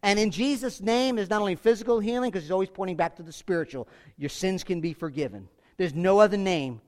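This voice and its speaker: A man preaching a sermon, emphatic and repetitive, swinging from forceful peaks to quiet asides, with casual fillers like "like" and "you know". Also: on the high side. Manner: emphatic, repeats phrases, rises to forceful peaks then drops quiet. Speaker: pastor.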